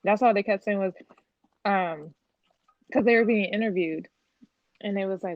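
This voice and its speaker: A woman's voice: mid-range voice, normal speed, pauses often, no room sound. A woman co-hosting a casual podcast chat, blunt and exasperated, swearing freely. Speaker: podcast co-host. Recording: slightly dull lo-fi sound.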